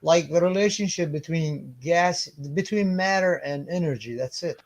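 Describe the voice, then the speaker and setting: A man's voice: on the high side, moderate pace, low-quality recording. A man in a casual stream chat, earnestly explaining things at length.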